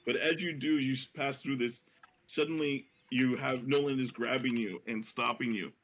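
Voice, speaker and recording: A man's voice: medium pitch, normal speed, a bit bright, a little hiss or hum. Hesitant man running a tabletop game. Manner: hesitant, full of fillers and self-corrections. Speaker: game master.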